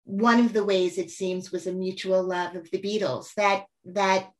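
A woman's voice: medium pitch, fairly even intonation, normal speed. A woman with a mid-range voice hosting an interview. She sounds enthusiastic and engaged, asking long, rambling questions. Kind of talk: conversational interview.

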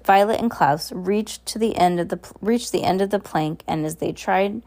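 A woman reading a children's novel aloud as an amateur audiobook, halting at times and going back over words, with lifted voices for the characters. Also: darkish tone. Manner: halting, with restarts and asides; raises pitch for dialogue voices. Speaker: reader.

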